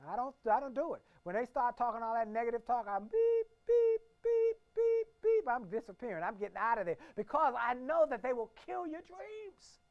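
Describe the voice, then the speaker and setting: A man in his fifties from the Washington, D.C. area giving a motivational keynote speech. He tells stories emphatically, repeating phrases and swinging between hushed and booming delivery. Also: expressive, fairly quick, few pauses, narrow, tinny audio. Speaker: motivational speaker.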